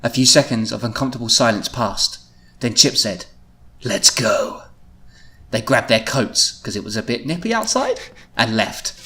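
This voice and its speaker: Casting: male podcast host, giggly and animated, reading aloud with lots of laughs. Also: medium pitch, moderate pace. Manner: giggly, laughs often at his own writing. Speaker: podcast host reading his teenage writing. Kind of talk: comedic podcast read-through.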